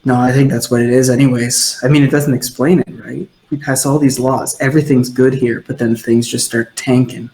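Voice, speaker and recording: A man voicing a gloomy tavern gossiper who mutters quietly in agreement. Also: flat delivery, brisk, few pauses, natural voice. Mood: muttering. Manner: low, muttering. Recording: roomy echo.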